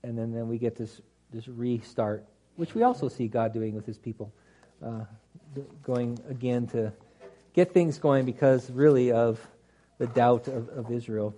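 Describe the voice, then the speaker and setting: A man's voice: medium pitch, a little slow, warm tone. A man teaching a Bible study class to a group, talking through the text conversationally with restarts and dry humorous asides.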